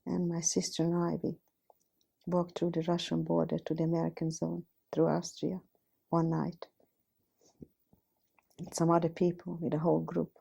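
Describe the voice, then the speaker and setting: A woman's voice: lowish voice, completely flat delivery, moderate pace, creaky, long pauses, dark tone, breathy edge. A woman in her fifties from Hungary, telling her life story in a plain, direct way and often repeating "I says". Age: 50s. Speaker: Holocaust survivor giving testimony. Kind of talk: recounting personal testimony.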